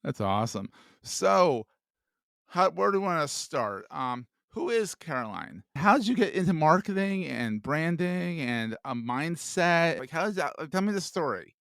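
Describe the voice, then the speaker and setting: A man's voice: a little high, big pitch swings, gravelly, a bit bright, clean tone, no echo. A man hosting a podcast interview, joking and easygoing as he chats with a guest. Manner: joking, easygoing, quick to laugh. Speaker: podcast host. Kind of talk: casual interview chat.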